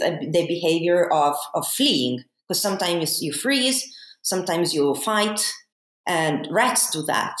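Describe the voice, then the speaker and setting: A woman speaks in a lowish voice, explaining ideas step by step and pausing on fillers as she thinks. Her voice carries the echo of a reverberant room. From Italy. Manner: measured, thinks aloud with fillers. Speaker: guest academic. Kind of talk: explanatory interview talk. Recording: echoey room.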